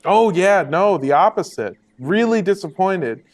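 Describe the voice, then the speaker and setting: A man's voice: high voice, expressive, a little slow, far from the mic, pitched above the performer's own voice. A man voicing a blustering, corrupt middle-aged father in a comedy tabletop role-play, defensive and dismissive. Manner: defensive, then panicked screaming.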